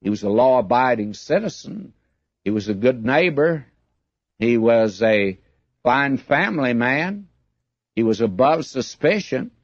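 A man preaching a sermon in a slow, deliberate, emphatic way, reading scripture aloud. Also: mid-range voice, sing-song, dry recording. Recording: dull lo-fi old recording.

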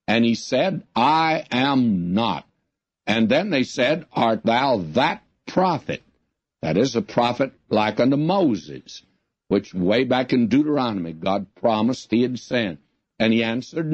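Slow, earnest older male radio Bible teacher. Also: mid-range voice, no echo. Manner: earnest, folksy, drawn-out emphasis. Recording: dull lo-fi radio recording.

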